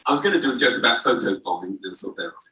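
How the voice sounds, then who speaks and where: Roomy, distant voice of a joking man. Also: medium pitch. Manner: quick deadpan jokes, mimics voices in anecdotes. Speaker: comedian. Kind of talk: comic double act on stage. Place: live event before a laughing audience.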